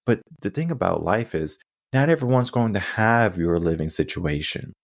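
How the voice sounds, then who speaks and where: A man hosts a coaching podcast as a solo monologue, earnestly working through stories and lessons with frequent check-in asides. His fairly low, expressive voice has vocal fry and a moderate pace, recorded in studio quality with no echo.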